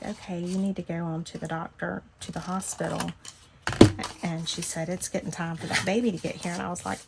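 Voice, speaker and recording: A woman's voice: on the low side, vocal fry, background noise. A woman, telling a long personal story in casual chat as a crafting channel host. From Southern United States. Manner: chatty, animated when quoting herself.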